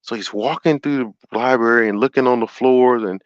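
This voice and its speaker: A man hosting a call-in show, retelling a story in an animated, sermon-like way and acting out the quotes. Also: mid-range voice, a little fast, no room sound, lo-fi sound.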